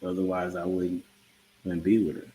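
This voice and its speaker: A man in his thirties hosting a casual livestream chat, telling a story in a laid-back, halting way with lots of fillers. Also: low voice, completely flat delivery, warm tone, slight background noise, rough recording. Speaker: podcast host.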